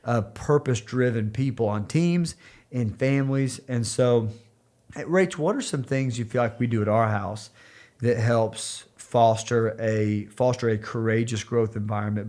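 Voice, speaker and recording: A man's voice: lowish voice, measured pace, a little mellow. A man in his thirties co-hosting a church podcast, talking earnestly with frequent restarts and fillers. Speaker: podcast co-host. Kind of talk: casual podcast talk.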